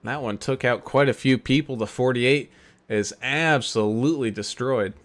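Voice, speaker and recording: A man giving steady play-by-play commentary on a sim race, naming cars and positions. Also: medium pitch, normal speed.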